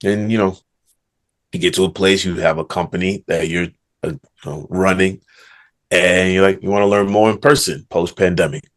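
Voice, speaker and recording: A man's voice: low voice, steady tone, normal speed. A man, an author and negotiation coach, being interviewed on a podcast. He answers thoughtfully and murmurs "hmm" before he speaks.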